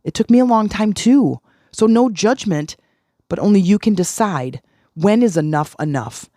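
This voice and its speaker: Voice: mid-range voice, darkish tone, no echo, studio quality. A middle-aged podcast host giving a self-help talk, earnest and repeating key phrases for emphasis.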